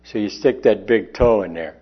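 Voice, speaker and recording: A man preaching a sermon in a folksy, conversational way, slowing down to stress key words. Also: fairly low pitch, breathy edge. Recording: dull lo-fi recording.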